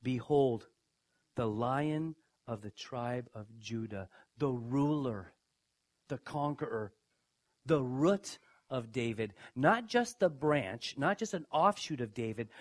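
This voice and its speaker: A man's voice: expressive, takes it slowly. Emphatic male preacher with big swings. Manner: emphatic, dramatic swings in pitch and loudness; asks the audience questions. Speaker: pastor. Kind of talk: sermon.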